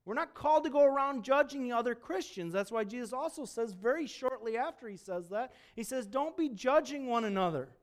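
A man preaching a sermon, talking to the congregation in a conversational way and swinging between emphatic loud peaks and hushed low asides. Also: expressive, brisk, few pauses. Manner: conversational, asks the congregation questions. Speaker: pastor.

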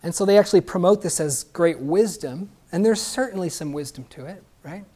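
A man's voice: high-pitched, a little fast, dark tone. A male preacher delivering a sermon in an easy, conversational manner. He is earnest, stumbles over a word now and then, and keeps checking in with a questioning "right?".

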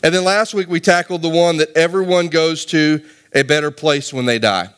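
A man's voice: a little high, moderate pace, a bit bright, clear, resonant tone. A middle-aged man preaching a sermon to his congregation in a conversational way, asking them rhetorical questions. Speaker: pastor.

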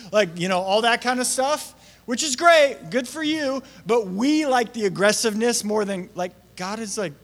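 A young man preaching a sermon in a casual, conversational way. He acts out quotes with big swings in his voice. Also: high-pitched. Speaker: pastor. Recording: long hall reverb.

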